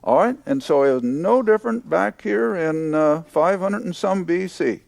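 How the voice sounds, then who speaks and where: An older man teaching a Bible lesson to a class, slow and emphatic, repeating key points. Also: high-pitched, gravelly, a little mellow, no room sound.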